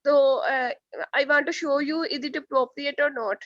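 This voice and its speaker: A woman's voice: sits high, fairly even intonation, normal speed, dry recording. A woman student speaking in an online class, polite and hesitant, calling the teacher ma'am. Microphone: video call. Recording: dull dry video-call audio.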